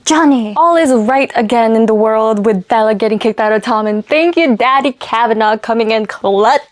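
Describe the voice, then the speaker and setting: A high-voiced young woman talks straight into a close mic in a dry, deadened space. She gushes and laughs between thoughts as she reacts to what she reads, caught up in her feelings. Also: normal speed, dry recording. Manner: emotional, gushing, laughing between lines. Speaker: book vlogger. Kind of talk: casual reading vlog chat.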